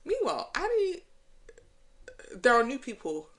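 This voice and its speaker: A young woman co-hosting a chatty pop-culture podcast. She talks in an animated, gossipy way, tossing in quick asides as she recaps. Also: high-pitched, poor audio. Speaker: podcast co-host. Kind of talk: casual pop-culture chat.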